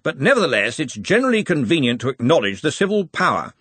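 A man voicing a blustering, bossy older male head wizard who talks in a loud, gruff and impatient way. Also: a little high, very animated, quick pace, dry recording, pitched above the performer's own voice, exaggerated voice.

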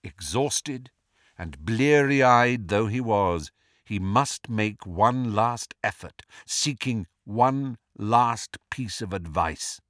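Slow, expressive male storybook narrator. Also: fairly low pitch, dry recording, studio quality. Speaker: audiobook narrator. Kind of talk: scripted narration.

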